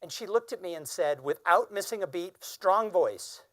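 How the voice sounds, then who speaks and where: A man's voice: high-pitched, expressive, moderate pace, few pauses, a bit bright. A man in his fifties giving a keynote speech, telling a personal story in an earnest, emphatic way. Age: 50s. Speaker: keynote speaker.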